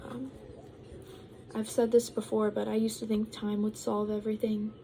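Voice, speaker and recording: Mellow, rambling young woman vlogger. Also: medium pitch, level tone, normal speed, a little hiss or hum, rough recording. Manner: rambling, full of ums and likes; talks while eating. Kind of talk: casual vlog chat.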